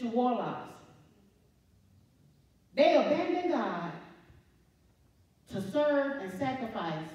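High-voiced woman preaching in an echoey hall. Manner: repeats phrases and asks the congregation questions. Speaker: church elder preaching. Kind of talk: sermon. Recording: very echoey church hall, distant mic, dull sound.

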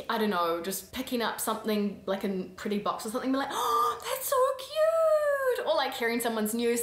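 A woman's voice: mid-range voice, echoey room. A woman from New Zealand with a New Zealand accent, hosting a casual vlog in a chatty, giggly way. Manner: chatty, giggly, acts out quotes. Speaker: vlogger host.

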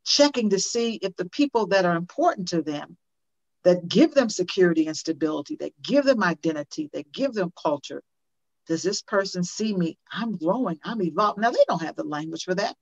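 A woman's voice: on the low side, animated, a little fast. An older woman speaking as a guest in an interview, earnest and emphatic, often repeating questions for effect. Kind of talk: conversational interview. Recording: dull lo-fi audio.

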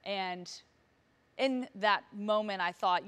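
A woman's voice: medium pitch, normal speed, a bit bright. A woman in her thirties, a motivational speaker, telling a personal story on stage with vivid, emotional delivery and acted-out dialogue. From Virginia, US.

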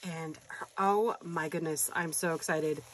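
A woman vlogger chatting casually while unboxing happy mail, gushing and excitable, with frequent gasps and affectionate asides to viewers. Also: low voice, a little slow. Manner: affectionate, calls viewers hon and you guys.

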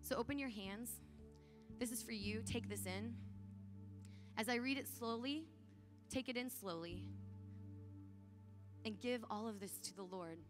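A woman's voice: on the high side, measured pace, long pauses, music in the background. Earnest woman speaker addressing teens. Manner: earnest, casual phrasing with frequent "like"; urgent, encouraging appeals to the audience. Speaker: youth conference speaker. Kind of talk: youth conference talk and prayer.

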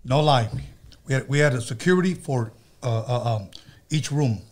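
A man's voice: mid-range voice, moderate pace. Profane, blunt male podcast host. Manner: profane, blunt, playful storytelling. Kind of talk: casual chat.

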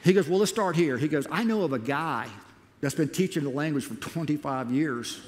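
A man preaching to a church, telling his own missionary story in an animated way and acting out what he once said. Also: on the high side, brisk. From United States. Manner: animated, acts out his own past words. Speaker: missionary speaker. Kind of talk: sermon storytelling. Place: church auditorium. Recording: long reverb in a large hall.

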